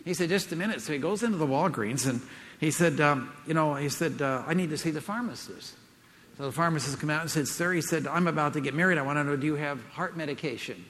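A man's voice: on the high side, quick pace, fairly bright tone. An older man giving a seminar talk, telling jokes in a folksy, chuckling way with lots of fillers. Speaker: speaker at a Christian event. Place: large hall with audience. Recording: hall with long reverb.

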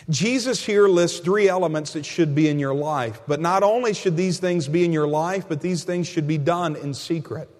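A male pastor with a high voice delivers a sermon, pressing his points through repetition and addressing the congregation as friend. His voice rings with the long reverb of a large church hall. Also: darkish tone. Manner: emphatic, repeats key phrases, calls listeners friend.

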